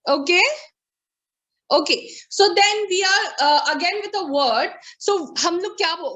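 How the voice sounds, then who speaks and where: High, bright Indian English teacher. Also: female voice, low-quality recording. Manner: drills words slowly, repeats and checks understanding. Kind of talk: online class teaching. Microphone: video call.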